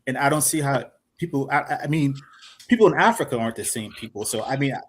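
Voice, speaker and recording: A man from South Carolina with a Gullah Geechee accent, calling into a live-stream debate, halting at first and then defensive and loud. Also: mid-range voice, animated, a crowd in the background. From Charleston, South Carolina. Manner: hesitant, then raises his voice defensively. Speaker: caller.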